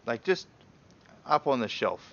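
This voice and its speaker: A man's voice: medium pitch, very animated, a little slow, vocal fry, a bit bright, lo-fi sound. A man narrating as game master in a loose, casual way, full of fillers and hedging words.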